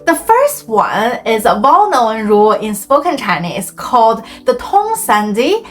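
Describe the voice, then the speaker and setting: High, lively-voiced woman teaching tones. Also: faint music behind. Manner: clear, deliberate teaching delivery, slowing to model tones. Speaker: Chinese language teacher. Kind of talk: scripted educational explainer.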